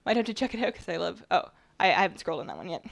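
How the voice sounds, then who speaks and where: A woman chatting casually while she bakes on a stream, rambling a bit, her voice slightly rough at the tail end of a cold. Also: lowish voice, very animated, rapid-fire. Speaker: baking streamer. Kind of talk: casual chat while baking.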